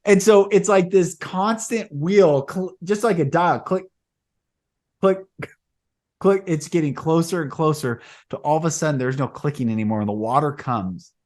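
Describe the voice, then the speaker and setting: A male podcast host in casual spiritual conversation, telling long rambling stories that grow animated as he retells them. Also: on the high side, moderate pace.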